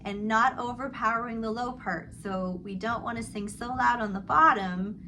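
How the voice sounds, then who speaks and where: This is a middle-aged woman vocal coach whose voice sits on the high side, speaking at a moderate pace. The audio is poor, with slight background noise. During her singing lesson she demonstrates vowel slides and sighs, then explains the technique calmly between sung vowel exercises.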